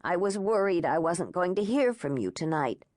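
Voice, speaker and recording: A woman narrator voicing an elderly, old-fashioned grandmother with a soft, motherly way of talking. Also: on the low side, very animated, moderate pace, no echo, studio quality. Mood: gentle, motherly. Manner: soft, motherly, turning frantic when scared.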